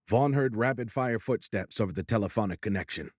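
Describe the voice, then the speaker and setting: A man narrating a thriller audiobook in a measured, dramatic storytelling voice. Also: on the low side, a little mellow, husky, no room sound, clean studio sound. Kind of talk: scripted narration.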